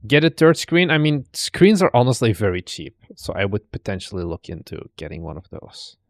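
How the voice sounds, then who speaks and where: A man's voice: fairly low pitch, very animated, fairly quick, dry recording, clean studio sound. A man hosting a stream, casually commenting and teasing as he looks through viewers' desk setups. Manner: chatty, teasing, thinks aloud. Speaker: streamer host. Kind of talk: casual commentary reacting to videos.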